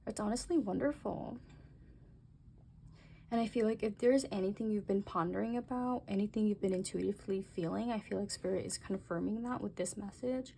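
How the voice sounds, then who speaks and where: A young woman doing a casual tarot reading, talking gently and musing aloud, with soft exclamations as she turns the cards. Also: medium pitch, fairly quick, vocal fry, slight background noise. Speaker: tarot reader.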